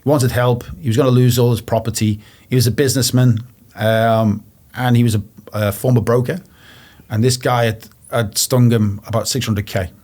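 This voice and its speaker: A man's voice: mid-range voice, a little mellow. Blunt, swearing man telling his story. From England. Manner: blunt, swears often, retells phone calls with quoted voices. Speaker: interview guest. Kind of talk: casual storytelling.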